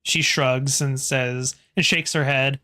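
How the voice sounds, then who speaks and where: A man serving as game master, narrating a tabletop horror game in a relaxed, conversational way, pausing to check his notes and ask the players what they do. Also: medium pitch.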